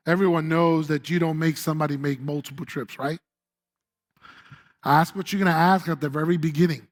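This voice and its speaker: High-voiced pastor preaching. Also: male voice. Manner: conversational and humorous, acting out scripture voices. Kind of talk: sermon. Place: church.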